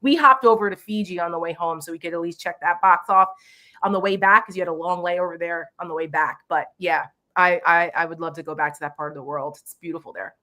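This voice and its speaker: A woman in her forties co-hosting a casual chat show, blunt and animated, swearing freely. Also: fairly low pitch, fast. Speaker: co-host of a live chat show.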